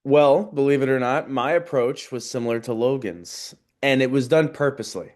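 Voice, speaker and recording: A young man in a relaxed interview, talking through his experience in an earnest, open way. His voice sits at an ordinary middle pitch, and he pauses and restarts as he gathers his thoughts. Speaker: interview guest, competition show contestant. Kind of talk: casual interview chat.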